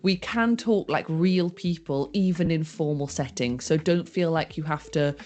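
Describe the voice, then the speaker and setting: A woman teaching informal English, explaining phrases clearly and acting out example sentences. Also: sits low, a little slow, darkish tone. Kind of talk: scripted language lesson.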